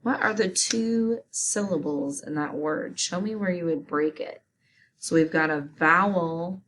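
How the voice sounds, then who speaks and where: A woman's voice: fairly low pitch, measured pace, a bit bright, slight background noise. A woman teaching a spelling lesson, carefully sounding out words letter by letter and syllable by syllable.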